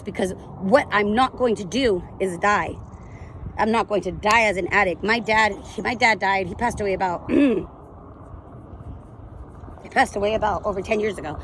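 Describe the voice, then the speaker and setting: Speaking in a mid-range voice over a slight hiss or hum, a woman in her thirties recounts her addiction and recovery in a testimonial vlog. She's blunt and emotional, holds nothing back, and curses freely.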